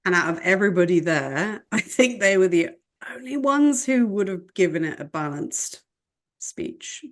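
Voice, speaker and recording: A woman's voice: mid-range voice, animated, normal speed. A woman co-hosting a casual film podcast, teasing and laughing easily. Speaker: podcast co-host.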